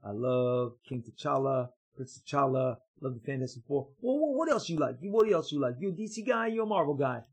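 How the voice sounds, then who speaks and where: Man imitating a film director, laid-back, pushy, coaxing, slangy, husky. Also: mid-range voice, big pitch swings, a little fast, few pauses. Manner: coaxing, casual street slang.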